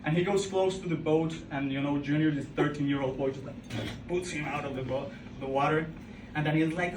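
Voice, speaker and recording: A young man with a Colombian Spanish accent, a native Spanish speaker, telling a stand-up story on a club stage, halting and full of fillers and restarts. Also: fairly high pitch, background noise. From Colombia (Bogota). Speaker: stand-up comedian. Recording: roomy club sound from far off, loud crowd. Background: audience laughing.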